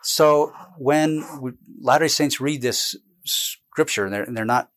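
A man being interviewed about his book, explaining at length in a casual, animated way, jumping between points and restarting sentences. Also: medium pitch. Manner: animated, digressive, quick bursts with restarts. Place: indoors with a camera close by.

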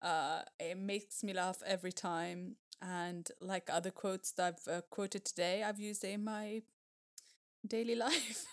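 A woman co-hosting a casual podcast chat, laughing often and retelling film scenes with animated exclamations. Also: mid-range voice, unhurried. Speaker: podcast co-host.

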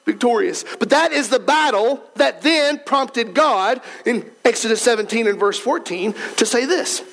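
A man's voice: very high-pitched, expressive, moderate pace, fairly bright tone. A man pastor preaching a sermon, emphatic and repetitive, using rhetorical questions and reading scripture aloud.

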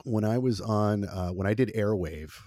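Forties man, first language Italian; very low, mellow voice; rambling, self-deprecating storyteller. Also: normal speed, no room sound, studio quality. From Italy. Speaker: former college radio producer. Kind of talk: relaxed interview conversation.

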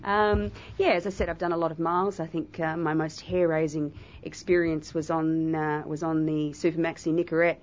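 A woman's voice: low voice, little pitch movement, moderate pace, few pauses. An Australian woman sailor chatting casually in a radio interview, with plenty of fillers. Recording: dull lo-fi radio broadcast.

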